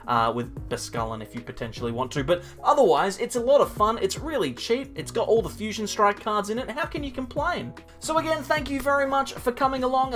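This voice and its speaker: A man's voice: a little high, a bit bright. A man hosting his channel, giving chatty, self-mocking live commentary on a card game match and talking to his opponent. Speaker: channel host.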